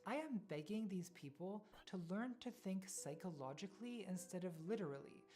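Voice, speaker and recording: A woman's voice: medium pitch, mellow. A woman narrating a video essay, blunt and sarcastic.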